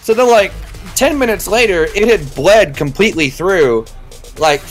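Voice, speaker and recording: A man's voice: high voice, lively intonation, moderate pace, faint music behind. A man telling a story in casual chat, acting out quotes in funny voices. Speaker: guest on a live stream chat.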